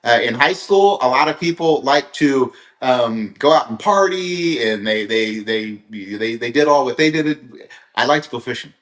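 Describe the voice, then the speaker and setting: Middle-aged man, from Kansas, rambling motivational storyteller, mid-pitched voice, roomy echo. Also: lively intonation, unhurried, fairly bright tone. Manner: rambling, earnest storytelling with many restarts. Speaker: motivational speaker. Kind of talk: live-streamed motivational talk.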